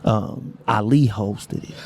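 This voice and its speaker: A man's voice: on the low side, takes it slowly, darkish tone, a little hiss or hum. A man from New Orleans, a comedian guest, telling stories in a laid-back, joking way. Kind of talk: casual storytelling chat.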